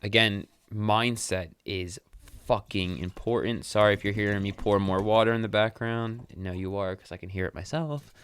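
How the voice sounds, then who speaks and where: A man's voice: on the low side, steady tone, moderate pace, a bit bright, a little hiss or hum. A young man hosting a casual solo podcast, rambling and correcting himself, swearing now and then. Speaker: podcast host.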